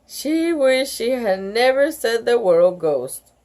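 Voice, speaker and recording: A woman reading a children's book aloud, adding excited gasps and comments. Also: on the high side, slow pace. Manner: animated, gasping and laughing asides. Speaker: storybook reader.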